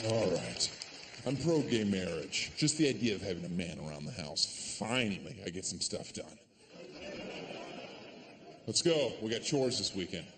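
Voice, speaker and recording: A man performing a stand-up comedy set on a stage, sarcastic and deadpan, with sudden loud put-on voices. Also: medium pitch, moderate pace, long reverb tail. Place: comedy stage before a live audience. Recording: live stage recording with audience noise.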